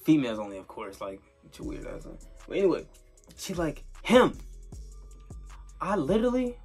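In an animated storytime vlog, a young man rambles and swears, tossing in lots of filler tags. His medium-pitched voice is warm with a breathy edge, moving fairly quickly over faint background music.

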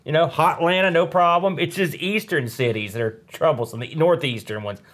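Teasing man, fairly high voice. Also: fairly quick, fairly bright tone. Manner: teasing, joking banter. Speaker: podcast co-host. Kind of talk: casual chat.

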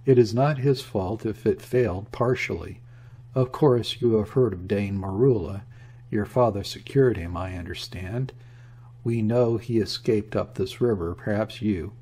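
A man's voice: lowish voice, measured pace, mellow, breathy edge. A man voicing a polite young naval lieutenant who speaks formally and soothingly. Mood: courteous.

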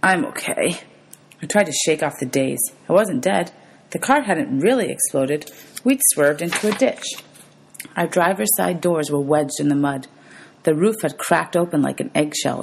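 A woman's voice: low voice, creaky, darkish tone, breathy edge. A woman teacher reading a novel aloud for students, steadily narrating and calling out page numbers.

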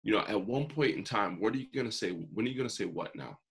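Here a man in his forties talks quickly and animatedly in a lowish voice with vocal fry and a breathy edge. As an interview guest and motivational speaker, he recounts his life in an earnest, vivid way, performing the quotes.

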